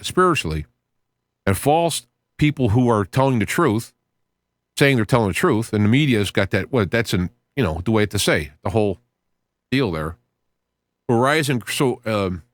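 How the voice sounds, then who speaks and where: Earnest rambling man on a dry mic. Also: no room sound. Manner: rambling, restarts phrases, reads Bible passages aloud; earnest, sudden rises in pitch when excited. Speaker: podcast host. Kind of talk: casual talk on scripture.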